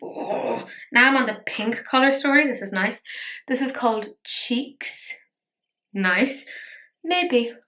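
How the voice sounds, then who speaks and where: A woman's voice: on the high side, slow, sharp tone. A tired woman chatting playfully through a casual makeup tutorial, poking fun at herself. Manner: chatty, playful, self-mocking. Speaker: beauty vlogger.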